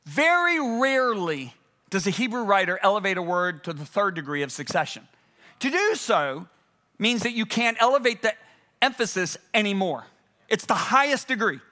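A male preacher delivering a sermon, swinging between loud urgent peaks and hushed, low passages. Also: very animated, normal speed.

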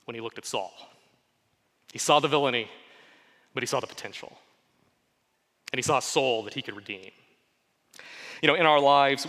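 A man preaching in a clear, bright voice, earnest and steady, pausing to let each point land. He reads scripture aloud and then explains it. His voice rings with a long reverb, as in a large hall. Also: medium pitch. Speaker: pastor. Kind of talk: sermon with scripture reading.

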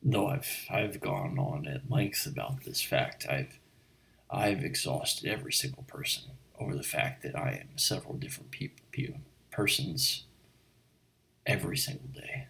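A man's voice: deep voice, expressive, measured pace, creaky, exaggerated voice, rough recording. Man playing a rambling bartender, whispered role-play. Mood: chatty. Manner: rambling, stammering, soft-spoken. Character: rambling late-night male bartender, chatty and odd.

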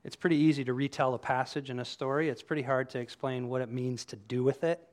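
A man preaching a sermon to his congregation, animated and conversational, acting out quoted voices as he tells the story. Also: medium pitch, fairly quick, hardly any pauses. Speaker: pastor. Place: church room with congregation.

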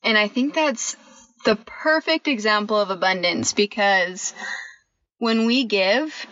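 A woman's voice: mid-range voice, expressive, slow pace, a bit bright, dry recording, highs cut off. A woman co-hosting a podcast, speaking casually and affirming her partner often. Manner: agreeable, affirming, many "mm-hmm"s. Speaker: podcast co-host.

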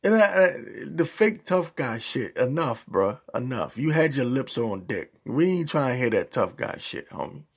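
A man's voice: medium pitch, moderate pace, few pauses, husky. A man giving a casual, profane rant as a YouTube commentator, heavy on slang. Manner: profane, animated ranting with slang.

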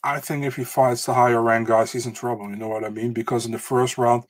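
Man, podcast co-host, casual, hesitant, mid pitch. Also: flat delivery, fast, no room sound. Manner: hesitant, many fillers and restarts, laughs easily. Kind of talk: casual chat.

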